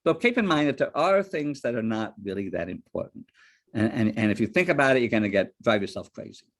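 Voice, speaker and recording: Here a man delivers an ethics lecture to a board, talking a little fast at a medium pitch. He livens it up with stories from his own life and keeps throwing out rhetorical questions.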